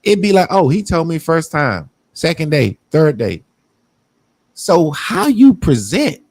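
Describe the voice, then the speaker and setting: A man's voice: a little high, unhurried, no echo. A middle-aged man talking casually on a podcast, swearing freely and acting out the people he quotes. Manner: animated, profane storytelling with mocking quoted voices. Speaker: podcast co-host.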